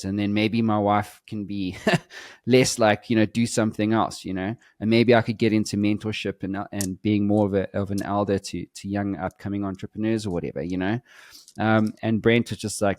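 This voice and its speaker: A man's voice: lowish voice, steady tone, moderate pace, a little mellow, no echo, clean studio sound. A man in his forties, a podcast co-host, talking bluntly and emphatically in a casual conversation and swearing freely.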